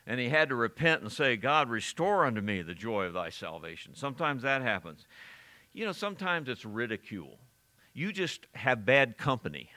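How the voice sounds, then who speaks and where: A man's voice: medium pitch, pushed and bright. A middle-aged man preaching a sermon earnestly, building to emphatic peaks and sometimes correcting himself mid-phrase.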